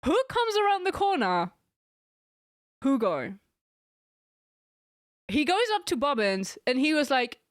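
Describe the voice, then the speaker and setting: A woman's voice: sits high, big pitch swings, slow, pauses often, no room sound. Giggly young woman streamer, dry sound. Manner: giggly, rambling storytelling. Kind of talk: casual chat with stream viewers.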